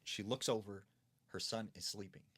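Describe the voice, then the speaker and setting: A man's voice: lowish voice, fairly even intonation, moderate pace, bright, forceful tone, breathy edge. A man telling a ghost story in a casual, conversational way, full of fillers.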